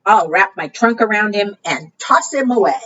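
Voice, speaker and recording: A woman voicing a big stomping elephant in a storybook, trumpeting high cries. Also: animated, normal speed, a bit bright. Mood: bold. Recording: dull distant recording.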